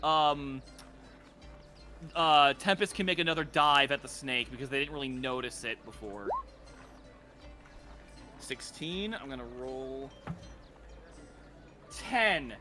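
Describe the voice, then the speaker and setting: A man running a tabletop game as dungeon master, narrating excitedly, swearing freely and shouting out the lines of guards. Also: medium pitch, takes it slowly, long pauses, over music.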